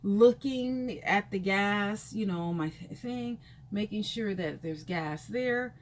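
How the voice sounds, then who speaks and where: A woman vlogger telling a personal story in a casual, rambling way, full of fillers, her pitch leaping when she acts out reactions. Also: slow, slight background noise. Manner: chatty and rambling, full of "you know" fillers; animated, jumps high in pitch when acting out reactions.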